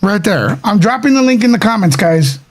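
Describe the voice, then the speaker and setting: A man hosting a casual livestream, his voice worn hoarse and raspy, talking straight to his viewers. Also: sits high, very animated, normal speed. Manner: rambling, addresses viewers directly. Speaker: livestream host.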